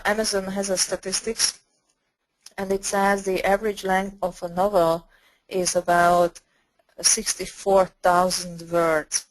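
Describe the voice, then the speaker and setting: A woman with a flu-hoarse voice giving a webinar presentation, clearing her throat often and pausing to restart phrases. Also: medium pitch, low-quality recording. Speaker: guest speaker.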